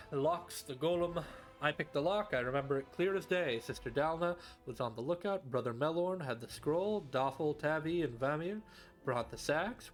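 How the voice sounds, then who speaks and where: A man's voice: a little high, lightly acted. A man reading game lines as a shifty young male thief, telling his tale in a breezy slangy way. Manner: breezy storytelling, street slang. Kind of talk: reading game dialogue aloud on stream.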